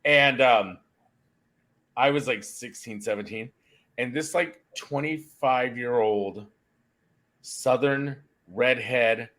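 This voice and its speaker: A man's voice: mid-range voice, slow pace, long pauses, a bit bright. A middle-aged man hosting a podcast, telling a long story in a rambling, self-interrupting way. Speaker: podcast host. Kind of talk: casual chat.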